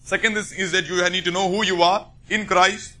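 Male preacher, high bright voice, emphatic sermon delivery. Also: flat delivery, normal speed. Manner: emphatic, rising to forceful bursts.

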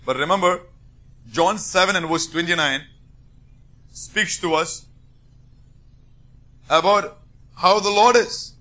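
Male preacher, high bright voice, emphatic sermon delivery. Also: slow pace, long pauses. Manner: emphatic, rising to forceful bursts.

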